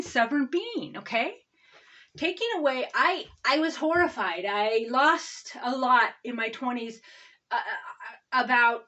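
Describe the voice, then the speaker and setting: A woman pastor in her forties delivering an impassioned, rambling sermon, peppering it with "okay?" and swinging between loud outbursts and low asides. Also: dull audio. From United States. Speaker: all-faith pastor. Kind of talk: ranting sermon-style talk.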